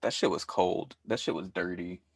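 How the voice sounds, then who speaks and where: A man's voice: low voice, steady tone, moderate pace, vocal fry, no echo, clean studio sound. A man co-hosting a podcast, recapping a show in casual chat and retelling scenes with quoted voices. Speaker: podcast co-host.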